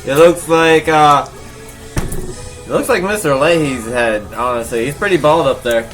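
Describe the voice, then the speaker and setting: Brief: man with a fairly high voice, crude, teasing co-host over background music. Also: unhurried, fairly bright tone. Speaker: podcast co-host. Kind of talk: rowdy casual chat. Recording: music playing behind.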